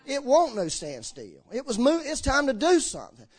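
A man's voice: very high-pitched, moderate pace, slightly rough. A man preaching a sermon in church, telling stories and acting out the people he quotes, with slurred words. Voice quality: slurs his words. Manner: animated storytelling, acts out quoted voices.

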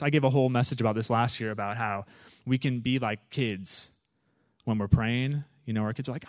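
A man preaching in a conversational, animated way, often asking the audience "right?" and "you know". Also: medium pitch, fairly quick, dry recording, studio quality. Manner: animated, acts out his own prayers with rising intensity. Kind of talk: conversational sermon.

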